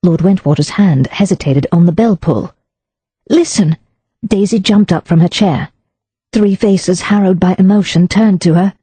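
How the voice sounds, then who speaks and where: A woman narrating an audiobook in a measured storytelling manner. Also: fairly low pitch, mellow, slightly rough, dry recording. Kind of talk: scripted narration.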